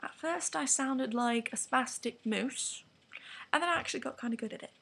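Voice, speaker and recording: A woman's voice: sits high, moderate pace, vocal fry, fairly bright tone, husky. A teenage girl with an English accent, ranting frankly to camera in a rambling vlog with whispered asides. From England. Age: teens. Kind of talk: candid vlog rant to camera.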